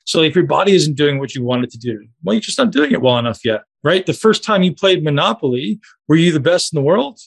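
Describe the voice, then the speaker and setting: A man's voice: a little high, quick pace, gravelly, few pauses, husky. Man coaching a group, casual and direct. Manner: casual, animated, direct with listeners. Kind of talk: coaching call talk to a group.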